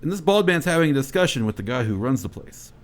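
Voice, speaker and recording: A man's voice: mid-range voice, sing-song, fast. A man co-hosting a comedy podcast, telling an absurd story with casual profanity and mock-dramatic character voices. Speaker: podcast co-host.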